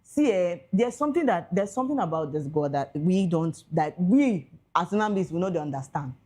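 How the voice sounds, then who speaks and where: A young woman from Nigeria, speaking with a Nigerian accent, hosts entertainment news in a brisk, excitable way, chatting about celebrity gossip casually. She moves between English and pidgin, and her voice swings sharply in pitch and loudness.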